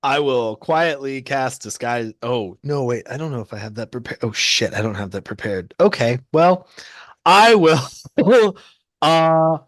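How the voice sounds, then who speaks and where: A man's voice: medium pitch, expressive, a little slow, no room sound. Guy rambling thru his turn in a tabletop game, lots of likes n laughs, dry room. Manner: rambling, many fillers and laughs. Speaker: player. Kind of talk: tabletop game play, casual chat.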